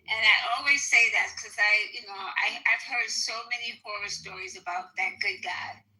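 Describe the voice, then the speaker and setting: A woman's voice: medium pitch, moderate pace, bright, forceful tone, low-quality recording. A woman in a casual chat who gives her views frankly and earnestly, with some cursing.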